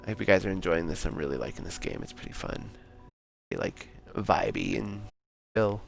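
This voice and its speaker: A man's voice: sits low, moderate pace, vocal fry, soft background music. A man streaming a story game, reading its text aloud and chatting casually with viewers in between. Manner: relaxed reading broken by chatty comments to viewers.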